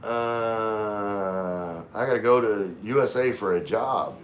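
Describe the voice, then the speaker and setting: A man from Louisiana, hosting a casual livestream and answering chat comments in a halting, laid-back way with many fillers. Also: fairly low pitch, soft background music. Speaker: livestream host. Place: room in the Philippines. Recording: echoey room, faint ambience.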